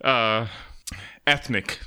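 A man co-hosting a podcast, chatting casually with joking, halting remarks. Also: medium pitch, sharp tone, clean tone. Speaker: podcast co-host.

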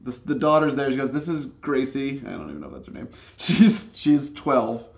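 A man's voice: mid-range voice, sing-song, fairly quick, creaky. A man co-hosting a podcast, retelling a movie plot in a rambling, laughing way in casual chat. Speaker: podcast co-host.

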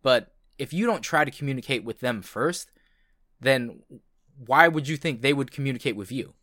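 A man's voice: medium pitch, normal speed, pushed and bright, dry recording, clean studio sound. A man co-hosting a podcast, chatting casually and earnestly, with many fillers. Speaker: podcast co-host. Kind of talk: casual chat.

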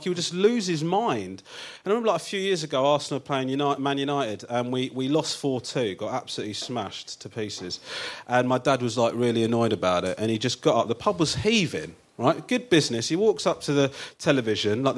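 Man, comedian guest, chatty, self-mocking, laughs at own jokes, live theatre show. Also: medium pitch. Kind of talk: comic storytelling on a live show. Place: theatre stage before a live audience.

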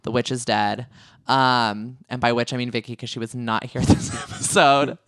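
A man's voice: medium pitch, fairly even intonation, a bit bright, no room sound, clean studio sound. A man co-hosting a podcast, recapping a reality show in a chatty, joking way. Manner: joking, chatty, quick asides. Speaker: podcast co-host. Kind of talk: casual reality TV recap chat.

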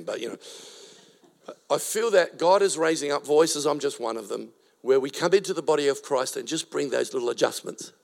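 A man's voice: medium pitch, vocal fry. A man in his sixties from Australia, preaching a sermon with rhythmic rhyming lines and storytelling asides. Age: 60s. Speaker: pastor.

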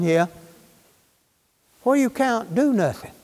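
A man's voice: sits high, lively intonation, a little slow, long pauses, in a large hall. A man preaching a sermon, fervent and folksy, firing questions at his congregation.

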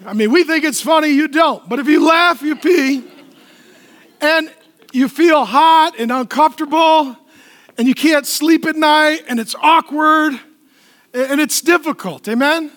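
High-voiced joking male pastor. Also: long reverb tail. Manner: animated, joking storyteller who asks the crowd questions. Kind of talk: humorous sermon.

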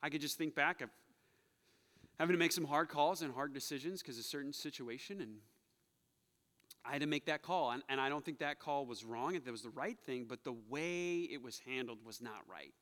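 Speaking at a moderate pace in a mid-range, slightly bright voice, a man preaches as pastor, earnestly confessional and repeating phrases for emphasis, then leads the church in prayer; the sanctuary adds long hall reverb.

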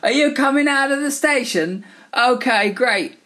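A man's voice: extremely high pitch, unhurried, fairly bright tone, pitched above the performer's own voice. A man voicing a London man on his cell phone, in a shaky attempt at a Cockney accent. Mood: brisk.

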